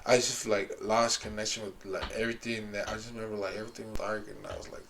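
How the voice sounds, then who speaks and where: A man's voice: lowish voice, level tone, quick pace, gravelly, fairly bright tone, slight background noise. A young man telling a long story in casual chat, rambling with lots of fillers and restarts.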